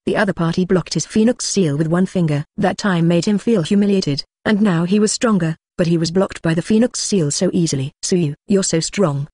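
A synthetic-sounding narrator reading a translated fantasy novel in a steady, even manner without fillers. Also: mid-range voice, breathy edge, no echo, clean studio sound. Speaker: audiobook narrator.

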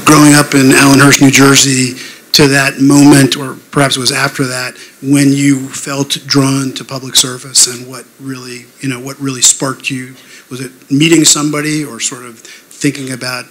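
Male interviewer, even monotone delivery, careful halting questions, faint noise behind. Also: mid-range voice, poor audio. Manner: measured, slightly halting questions. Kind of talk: onstage interview.

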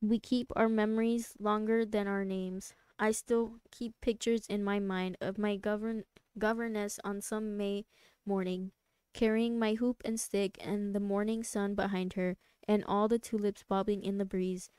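A woman voicing a sad ghost child who has forgotten its name, speaking slowly and wistfully. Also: mid-range voice, level tone, darkish tone, clean tone, dry recording, lightly acted.

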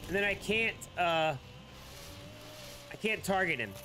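A woman's voice: on the low side, animated, unhurried, noisy background. A woman giving casual commentary while playing a game, reacting aloud with emotion and apologizing. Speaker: gamer.

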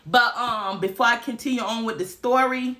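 A woman's voice: on the high side, normal speed, sharp tone. A young woman from Alabama, telling a story dramatically in a casual vlog. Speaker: vlogger.

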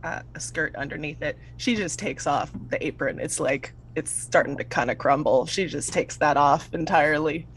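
A woman's voice: sits low, normal speed, hardly any pauses, a little hiss or hum. A woman narrating casually as game master of a tabletop game, describing scenes with easy fillers.

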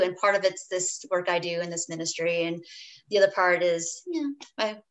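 A woman dietitian with a mid-range voice speaks at a moderate pace over a rough recording. She's telling an earnest, candid story from her own life during an interview, with frequent restarts and side remarks, and slips briefly into quoting her past self.

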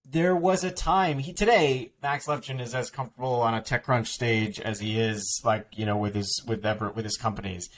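A man, an author being interviewed on a podcast, talking quickly in a rambling, casual way full of "like" fillers and restarts. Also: medium pitch, a little hiss or hum.

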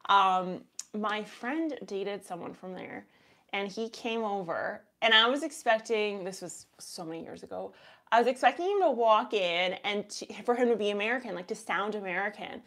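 A woman's voice: medium pitch, expressive, moderate pace, fairly bright tone. Canadian woman in her thirties hosting a live Q&A, talkative and rambling, easygoing delivery. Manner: chatty, rambling, reads chat aloud. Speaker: host. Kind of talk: live stream Q&A.

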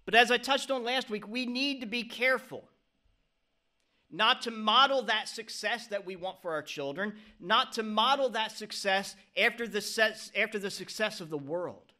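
Bright-voiced preacher man calling out "Amen?". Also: sits high, normal speed. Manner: preaching with frequent "Amen?" calls to the congregation. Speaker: pastor. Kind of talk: sermon.

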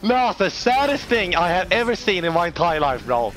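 A young man streaming a game live, excitable and sweary, often bursting into shouts. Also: high voice, normal speed, slight background noise. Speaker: gaming streamer.

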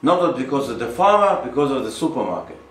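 A man's voice: medium pitch, big pitch swings, racing, fairly bright tone, echoey room, recorded from a distance, rough recording. A middle-aged man, a farmer talking bluntly and ramblingly to visitors outdoors. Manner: blunt and rambling, with frequent restarts and laughs. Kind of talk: casual explanation to visitors. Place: outdoors on a farm.

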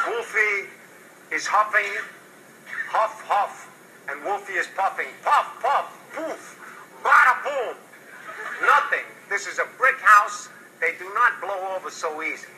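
A man reads a children's story in a deadpan comic style, in halting, clipped phrases with odd stresses. His voice sits fairly high and swings around a lot. Heavy hiss from a rough TV capture runs underneath. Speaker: guest storyteller. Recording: loud noisy TV capture.

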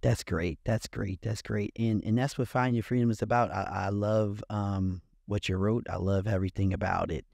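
An upbeat man hosts a podcast, repeating his praise as he closes the show. His voice is low. The recording is close and dry. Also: fairly even intonation, moderate pace, gravelly, hardly any pauses, a little mellow, dry recording. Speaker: podcast host. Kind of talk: casual interview.

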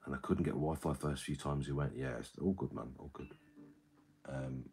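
A man's voice: a bass voice, moderate pace, darkish tone. A man hosting a livestream, rambling casually, reading chat and swearing freely.

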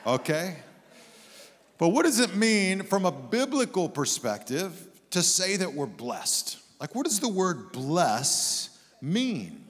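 A middle-aged man preaching a sermon as a guest pastor, with an animated, humorous storytelling manner. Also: sits high, slow pace. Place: church sanctuary. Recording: long hall reverb.

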